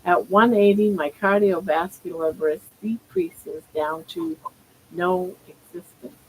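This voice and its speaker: A woman's voice: on the low side, steady tone, slow, a little hiss or hum, rough recording. An older woman hosting a casual live stream from home, talking baby talk to her pet and musing aloud about her weight.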